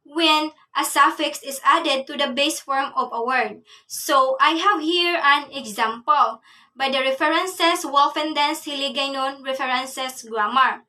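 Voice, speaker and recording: A young woman giving a class report, reading from her notes in a measured way. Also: sits high, pushed and bright, far from the mic. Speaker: student presenter.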